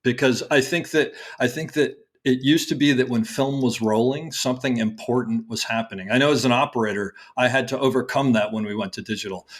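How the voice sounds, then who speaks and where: A man's voice: mid-range voice, fairly even intonation, brisk, few pauses. A man hosting a podcast, a camera operator who chats eagerly and laughs often. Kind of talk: casual podcast chat.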